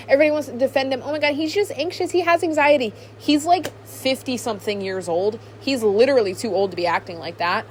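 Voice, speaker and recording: A woman's voice: on the high side, slight background noise. A woman hosting a podcast, chatting casually and ranting with animation and plenty of fillers. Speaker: podcast host. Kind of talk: casual opinionated chat.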